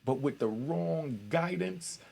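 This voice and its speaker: Gravelly middle-aged man, tinged. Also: on the high side, lively intonation, takes it slowly, warm tone. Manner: streetwise, conversational, addresses audience with asides. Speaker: podcast host. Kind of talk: storytelling monologue.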